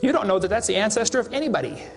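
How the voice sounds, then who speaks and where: A man's voice: sits high, expressive, racing, long reverb tail. A man giving a creationist seminar lecture to an audience, sarcastic and mocking as he tells stories.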